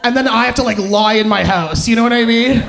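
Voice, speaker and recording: A woman performing a live stand-up comedy set, animated and profane, acting out the men she has dated. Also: fairly high pitch, quick pace, gravelly, slight background noise. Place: cinema stage before a live audience.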